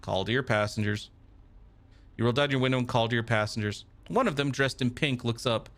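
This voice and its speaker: A man's voice: mid-range voice, fairly quick, fairly bright tone. A male streamer playing a text game live, reacting casually and reading the narration aloud.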